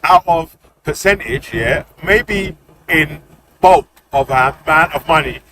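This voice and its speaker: A man's voice: a little high, slow. A man hosting a live stream, insistently arguing his point and repeating "listen" and "yeah" to hold the floor. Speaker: stream host. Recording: background noise.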